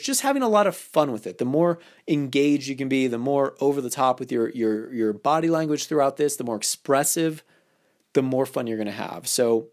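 Animated man with a lively voice. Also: medium pitch. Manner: playful, acts out quoted lines, many restarts. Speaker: podcast host. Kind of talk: casual advice podcast monologue.

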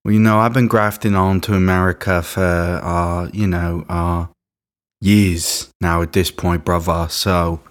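A man's voice: deep voice, fairly even intonation, measured pace. A man doing an impression of a boastful British talk show host, in a put-on British accent. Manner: swaggering banter, says mate a lot.

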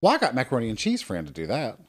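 Man musing with a lively, varied voice. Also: mid-range voice, racing. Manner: thoughtful, circling, many fillers. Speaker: podcast co-host. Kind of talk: casual chat.

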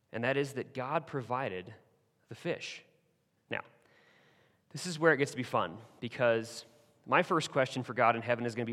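Man, pastor, lively sermon, mid-pitched voice, long hall echo. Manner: animated, acts out quoted voices.

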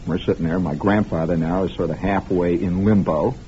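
A man's voice: deep voice, fairly even intonation, a little fast, dark tone. Mock-grave radio storyteller man, lo-fi. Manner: conspiratorial, mock-grave, talks straight to listeners. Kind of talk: improvised radio monologue storytelling. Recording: lo-fi 1960s radio broadcast, faint hiss.

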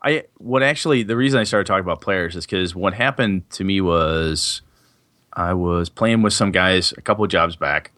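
A low-pitched man talks through a long story in a loose, rambling way and swears freely. His voice sits close and dry, with no room sound around it. He has the easy tone of a co-host on a casual tabletop gaming podcast. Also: moderate pace, sharp tone, dry recording. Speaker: podcast co-host, game master. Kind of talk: casual chat.

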